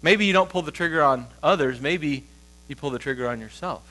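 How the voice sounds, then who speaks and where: High-voiced male pastor preaching casually. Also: a little fast, bright, forceful tone. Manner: conversational storytelling, acting out quoted voices. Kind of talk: sermon. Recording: low mains hum.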